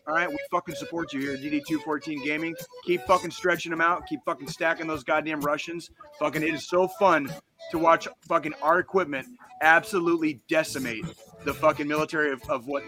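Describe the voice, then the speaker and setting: A man co-hosting a podcast in casual chat, ranting heatedly with heavy swearing and frequent restarts. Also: fairly high pitch. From United States. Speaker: podcast co-host.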